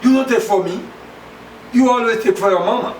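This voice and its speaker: A man's voice: very high-pitched, fairly quick, darkish tone. An actor with a Bahamian accent playing a hot-tempered but doting father, emphatic and repetitive, in a film. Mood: upset, pleading. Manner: emphatic, repeats himself, broken grammar. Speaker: actor in a low-budget feature film. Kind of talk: naturalistic film acting. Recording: roomy, distant, with background noise.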